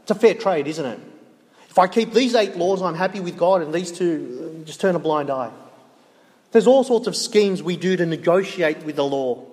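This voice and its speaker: Male preacher, high voice, earnest and emphatic sermon delivery, recorded with long church-hall reverb. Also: animated, normal speed, darkish tone.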